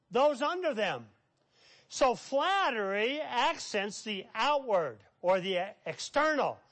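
A man's voice: high-pitched, a bit bright. A man preaching a sermon in a conversational way, repeating phrases for emphasis and acting out quoted dialogue. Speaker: pastor.

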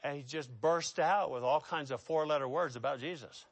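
A man preaching a sermon, acting out voices and swinging between loud dramatic lines and hushed asides. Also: fairly high pitch, moderate pace.

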